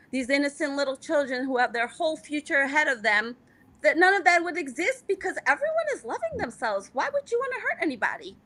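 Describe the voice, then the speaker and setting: A woman's voice: high-pitched, pushed and bright. A middle-aged woman from Afghanistan, a guest in a candid interview, speaking with passion and repeating phrases for emphasis.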